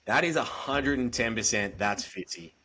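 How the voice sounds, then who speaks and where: A man's voice: mid-range voice, animated, moderate pace, bright, forceful tone, slightly rough. A man with an Australian accent, a guest on a podcast, talking in a candid, earnest and direct way over a video call. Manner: direct, earnest, plain-spoken. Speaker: podcast guest, mental health advocate. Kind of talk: candid conversational storytelling.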